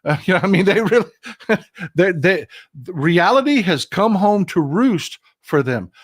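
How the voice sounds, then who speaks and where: Middle-aged man, Texan accent, livestream host, animated folksy talk, a bit high-pitched. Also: a little slow. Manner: animated, folksy, swears freely, mimics people in quotes. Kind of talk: casual political livestream commentary. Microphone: desk microphone.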